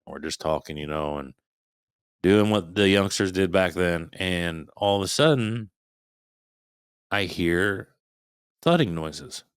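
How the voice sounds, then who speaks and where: This podcast guest, a man in his thirties, tells a casual story in a low voice with lively intonation, speaking slowly and pausing often. He swears freely, acts out his own past thoughts, and imitates the noises he heard. The clean, studio-quality recording has no room sound.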